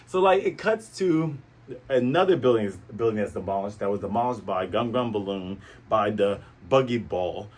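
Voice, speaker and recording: Man, casual comic recapper, husky, swoops around with sound effects. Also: lowish voice, normal speed. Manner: animated, full of sound effects. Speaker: manga reviewer.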